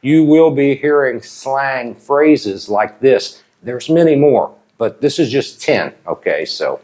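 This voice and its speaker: A man from Ohio, teaching slang at a whiteboard. He talks slowly and deliberately and keeps checking in with "okay?". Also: mid-range voice, expressive, darkish tone. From Ohio, USA. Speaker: English teacher. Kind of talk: whiteboard lesson explaining slang.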